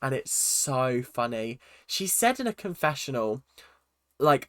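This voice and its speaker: A man delivering an animated, exasperated reaction vlog about a reality TV show, reviewing it as a regular YouTuber. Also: mid-range voice, a little slow, dry recording, studio quality. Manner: animated, exasperated, mocking impressions.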